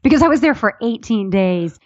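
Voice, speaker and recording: A woman author and comedian telling a self-deprecating story in a casual interview, chatty and animated, often restarting her sentences. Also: on the high side, brisk, lo-fi sound.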